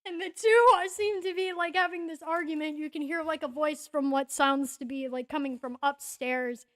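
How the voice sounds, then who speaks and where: A woman narrating a tabletop game as game master, excited and giggly, with lots of fillers. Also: high-pitched, moderate pace.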